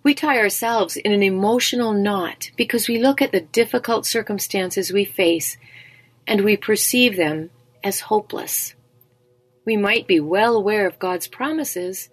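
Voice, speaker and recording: A woman reading a scripted Bible devotional in a gentle, encouraging, measured way. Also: medium pitch, dry recording, faint music behind. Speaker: devotional speaker.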